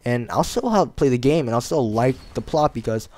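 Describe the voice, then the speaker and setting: Rambling young man, mid-pitched voice. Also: lively intonation, normal speed, darkish tone. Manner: rambling, hesitant, many fillers and restarts. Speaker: video blogger. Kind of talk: casual rambling monologue.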